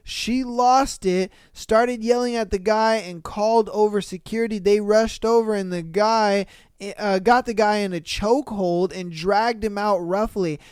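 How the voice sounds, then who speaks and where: Slangy, animated podcast host reading comments; clean, dry close-mic sound. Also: mid-range voice, smooth, no echo. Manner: animated and slangy, laughs and swears often. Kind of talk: casual chat, reading comments aloud.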